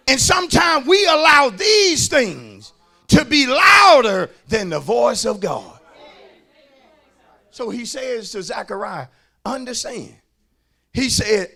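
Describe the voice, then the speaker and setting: A man, a pastor preaching a sermon in a church, shouting in a rhythmic, sing-song way and calling out to the congregation. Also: very high-pitched, vocal fry.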